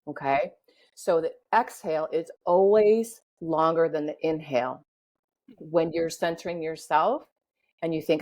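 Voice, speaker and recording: Woman, breathwork facilitator, low voice, calm slow guidance, podcast guest. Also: low-quality recording. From United States. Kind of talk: guiding breathing exercise and explaining.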